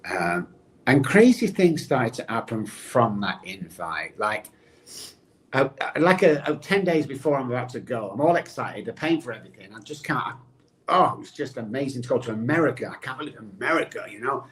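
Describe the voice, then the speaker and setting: A middle-aged man, a podcast guest and addiction recovery expert, telling his own story in an animated way and addressing the host by name. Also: medium pitch, moderate pace. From England.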